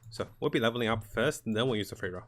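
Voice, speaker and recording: Low-voiced man commenting on his game. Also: racing. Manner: thinking aloud, relaxed, talks to himself and the game. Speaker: gaming commentator. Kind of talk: casual live gameplay commentary.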